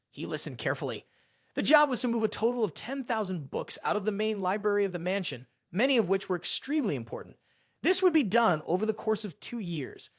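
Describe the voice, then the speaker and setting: Lively-pitched, dry story recap narrator. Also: dry recording.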